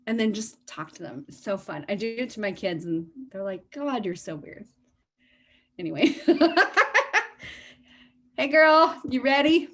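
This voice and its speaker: A woman's voice: a little high, expressive, unhurried. A woman life coach on a group video coaching call, bubbly and playful, laughing often.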